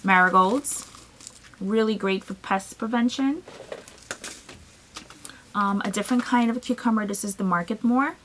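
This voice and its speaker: A woman from Trinidad, a gardening vlogger, chatting casually and excitedly through a show-and-tell with frequent ums. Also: mid-range voice, unhurried, pauses often, a little hiss or hum, poor audio.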